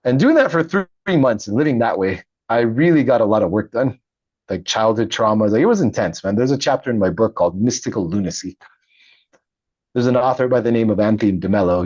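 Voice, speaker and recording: A middle-aged man with a low, husky voice recounts his past in a relaxed interview. He talks with animated energy and laughs as he goes. The sound is dry and a little dull. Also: no echo. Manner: animated, laughs often, acts out quoted voices. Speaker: podcast guest, Navy veteran and author. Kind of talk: casual storytelling interview.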